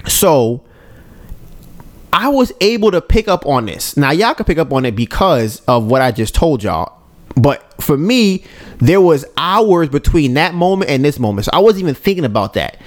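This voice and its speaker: Speaking at a moderate pace in a slightly high voice, this man co-hosts a podcast and shares a story from his own life. His telling is casual and conversational, full of check-ins with the audience, and he animatedly performs the dialogue of himself and others.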